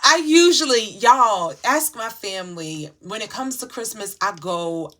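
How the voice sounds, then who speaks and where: Bright-voiced woman chatting to her viewers. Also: on the high side, animated, measured pace. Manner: chatty and emotional, talking straight to viewers, dramatic sighs. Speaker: channel host sharing her budgeting routine. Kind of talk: casual chat to viewers while sorting cash envelopes.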